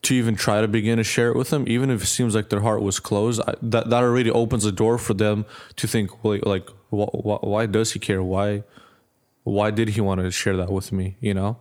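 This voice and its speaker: Low-voiced young man telling a lively story. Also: a little fast. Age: young adult. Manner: animated storyteller, acts out quoted voices, laughs often. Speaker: podcast co-host. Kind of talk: casual storytelling chat.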